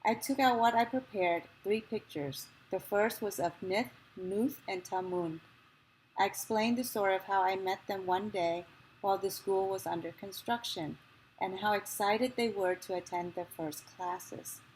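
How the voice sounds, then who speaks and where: A woman reading a memoir passage aloud, in a slow, measured and gentle way. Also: mid-range voice, slight background noise, poor audio.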